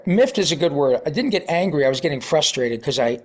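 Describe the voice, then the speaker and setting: A man's voice: a little high, lively intonation, fast. A middle-aged man, a voice actor, telling stories in an interview, acting out other people's lines and swearing casually. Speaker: voice actor guest. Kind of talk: storytelling interview.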